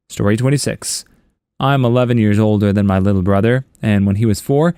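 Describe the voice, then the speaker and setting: A man's voice: fairly low pitch, dark tone, no echo. A man reading internet stories aloud, chuckling and adding wry asides on a close voice-over mic. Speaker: story narrator.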